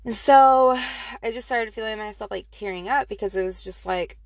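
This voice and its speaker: A woman's voice: medium pitch, moderate pace, no echo. A woman casually telling a personal story, rambling with many fillers and restarts.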